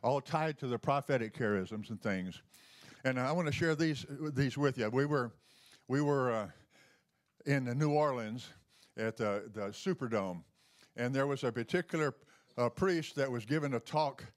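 A man with a medium-pitched voice, a lay healing minister, gives a testimony sermon. He tells folksy stories, chuckling and using many fillers.

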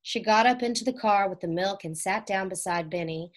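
A woman's voice: mid-range voice, fairly quick. Woman reading a children's story aloud. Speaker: reader. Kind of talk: storybook read-aloud narration.

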